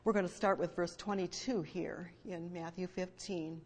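A woman's voice: fairly low pitch, steady tone, moderate pace. Female preacher, emphatic sermon delivery, reverberant sanctuary sound. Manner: emphatic, swings between hushed and loud fervent stress. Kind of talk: sermon with scripture reading. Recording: long hall reverb.

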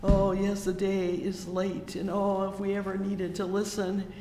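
A man preaching a sermon, slow and fervent, constantly breaking in with "oh yes" and "oh my". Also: monotone, dark tone, soft background music. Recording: echoey hall with low rumble.

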